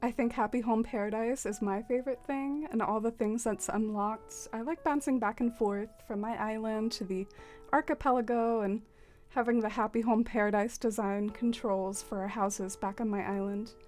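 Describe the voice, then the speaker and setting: A woman's voice: fairly high pitch, fairly even intonation, normal speed, darkish tone, faint music behind. A woman hosting a casual game livestream, chatting with viewers, with lots of fillers and frequent laughs. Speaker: livestream host. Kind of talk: casual livestream chat while playing a game.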